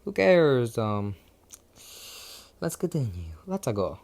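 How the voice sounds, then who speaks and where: A man's voice: medium pitch, sing-song, slow, gravelly, darkish tone. Rambling, foul-mouthed young man. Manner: profane, rambling, self-interrupting. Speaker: fan storyteller. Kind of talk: casual rambling retelling.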